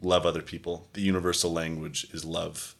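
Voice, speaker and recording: Deep-voiced young man, rambling chat. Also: flat delivery, brisk, gravelly. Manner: rambling, heavy "like" fillers, swears freely. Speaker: podcast co-host. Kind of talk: casual chat.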